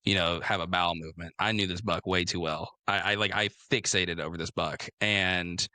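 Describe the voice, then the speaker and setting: A young man hosting a casual interview, telling animated stories full of fillers and restarts. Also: low voice, brisk, no room sound. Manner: animated storyteller, lots of filler words and restarts. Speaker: podcast host.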